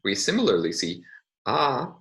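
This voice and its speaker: A man's voice: medium pitch, very animated, normal speed, a bit bright, a little hiss or hum, rough recording. A man giving a recorded linguistics lecture, thinking aloud with frequent fillers as he works through examples.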